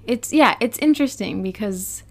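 A woman from the United States co-hosts a podcast in a medium-pitched, animated voice. The chat is casual and giggly, full of laughter between thoughts and drawn-out phrasing.

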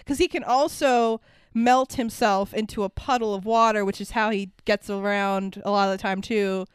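Here a young adult woman speaks at medium pitch and a moderate pace, her voice smooth, in clean studio sound with no echo. The podcast co-host is animated and sarcastic during a casual movie review chat, swearing freely and acting out quotes.

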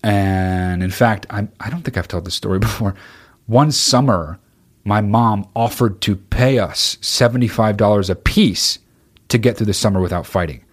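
Low-voiced man hosting a podcast, blunt and profane, rambling chat. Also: moderate pace, breathy edge. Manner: swears constantly, rambling and blunt. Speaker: podcast host. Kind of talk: casual chat answering listener questions.

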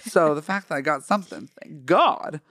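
A woman hosting a podcast, chatting casually and joking with quick laughs. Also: low voice, lively intonation, a bit bright, no room sound, studio quality. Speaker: podcast host. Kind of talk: casual chat.

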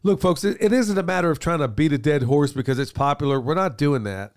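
A man's voice: a little high, fast, darkish tone. Folksy male podcast co-host, stuffed-up with a cold, casual and direct, studio mic. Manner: folksy, addresses listeners as folks and y'all. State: congested with a cold. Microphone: studio mic with headphones.

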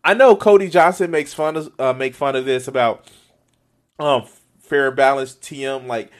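A man giving casual, profane reaction commentary on a video, excitable and laughing often. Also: mid-range voice, normal speed.

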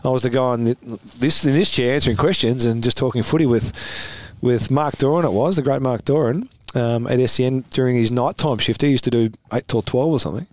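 Animated Australian man telling footy stories. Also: medium pitch, fairly quick, few pauses. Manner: animated, laughing storyteller. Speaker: former footballer, guest. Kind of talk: casual storytelling interview.

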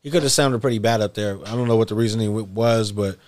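A man's voice: lowish voice, fast talker, darkish tone. A man hosting a casual hip hop podcast chat, talking in a loose, laid-back way and swearing freely.

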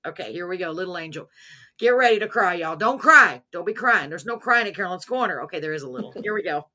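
A woman's voice: on the low side, expressive, fast, sharp tone. A woman hosting a podcast interview, effusive and emotional, often praising God in a folksy way. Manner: folksy, says "y'all". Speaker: podcast host. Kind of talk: casual interview chat.

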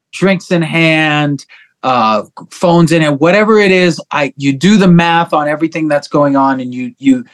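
A middle-aged man telling stories as a guest on an interview show, animated and profane. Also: on the high side. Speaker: guest musician. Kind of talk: casual interview chat.

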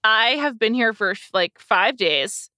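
Woman, 30s, co-host. Bright, animated delivery, dry close-mic sound. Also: on the high side, takes it slowly, no room sound. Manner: chatty, laughs often, self-deprecating. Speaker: podcast co-host. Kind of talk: casual chat.

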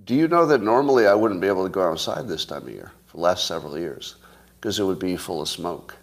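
Low-voiced man musing casually. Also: expressive, fast talker. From California. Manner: rambling, musing, joking. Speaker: host. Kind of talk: casual chat with listeners.

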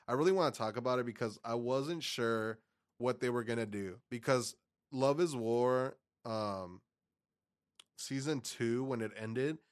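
A man telling stories in a relaxed podcast chat, getting excitable and swearing constantly. His voice is mid-pitched and ordinary. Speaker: podcast co-host. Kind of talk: casual chat.

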